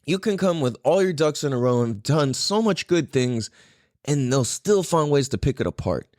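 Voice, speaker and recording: A man's voice: fairly high pitch, very animated, normal speed, darkish tone, no echo, studio quality. A man hosting a podcast, telling a story in a casual, rambling way full of "like"s. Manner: rambling, lots of fillers and "like"s. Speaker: podcast host.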